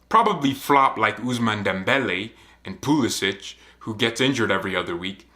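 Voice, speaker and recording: A young man gives casual football commentary for his fan vlog. His delivery is joking and animated, and his voice has a bright, forceful ring. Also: lowish voice. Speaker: football channel host.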